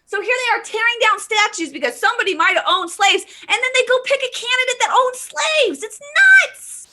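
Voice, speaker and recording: A woman hosts a live vlog and rants impassionedly about politics, reading viewer comments, stressing words emphatically, and stumbling over restarts. Her extremely high voice is expressive, bright, and forceful, and she talks a little fast.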